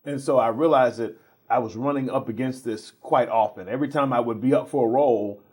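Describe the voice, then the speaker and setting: A husky-voiced middle-aged man sits as a talk show guest. He tells animated stories at an ordinary pitch, often repeating words and laughing along the way. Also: fairly quick. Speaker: guest, theater professor. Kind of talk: casual interview storytelling.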